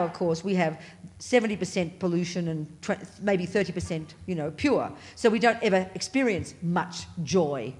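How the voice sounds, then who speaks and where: Woman teaching buddhism to a class, lowish voice, punchy and blunt, jumps up on key words. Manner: emphatic, blunt and playful; pitch leaps up on stressed words. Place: meditation center classroom.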